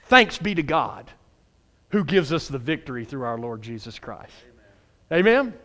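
A man preaching a sermon in a folksy, playful way, swinging from hushed tones to shouts. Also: medium pitch, big pitch swings, moderate pace, long pauses. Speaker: pastor.

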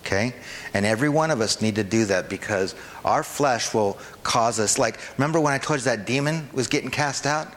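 A man's voice: medium pitch, brisk, fairly bright tone, big-room sound. A man preaching a sermon in an informal, conversational way, often checking in with the congregation. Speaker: pastor. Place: church hall.

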